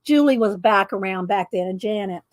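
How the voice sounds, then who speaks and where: A woman's voice: mid-range voice, normal speed, no echo. A woman hosting an art livestream, chatting casually and rambling as she thanks viewers by name. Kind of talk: casual chat.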